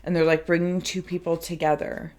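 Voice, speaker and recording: A woman's voice: on the low side, level tone, fairly quick, darkish tone. A woman giving an intuitive card reading, meandering and searching for words, her throat phlegmy. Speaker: tarot card reader.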